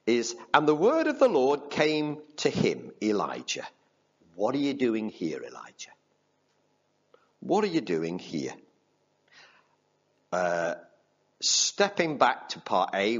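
A man preaching and reading scripture, his husky voice rising and falling a lot as he talks. He keeps it conversational and repeats key lines for emphasis. The recording sounds dull and lo-fi. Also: medium pitch, a bit bright.

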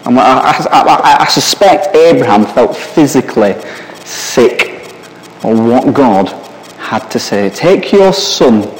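A man's voice: mid-range voice, slow pace, slight background noise. A man preaching a sermon, reading scripture and asking his listeners many searching questions. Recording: long hall reverb.

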